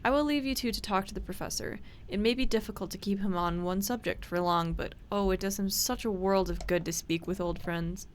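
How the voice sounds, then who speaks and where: A woman's voice: medium pitch, fairly quick, few pauses, slight background noise, close to an everyday voice. A woman voicing a fussy, kindly elderly female housekeeper in a game, with a put-on accent. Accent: put-on accent unlike the other figures.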